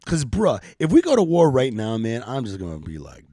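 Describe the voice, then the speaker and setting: A man's voice: medium pitch, wildly swooping pitch, normal speed, mellow, no echo, clean studio sound. A middle-aged man hosting a casual live-stream podcast, joking around in loose, profane banter. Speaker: podcast host.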